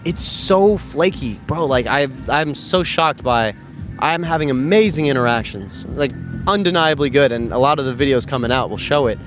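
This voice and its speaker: A man's voice: mid-range voice, animated, normal speed, music in the background. An American man in his thirties chatting casually and rambling, with a lot of profanity and slang, outdoors by a street. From United States. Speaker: dating coach vlogger. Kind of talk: casual chat.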